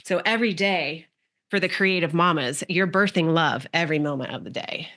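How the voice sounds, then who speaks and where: Woman speaking softly and spiritually, rather low. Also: moderate pace. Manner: flowing, spiritual, dreamy phrasing. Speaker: guest, creative coach. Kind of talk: podcast conversation.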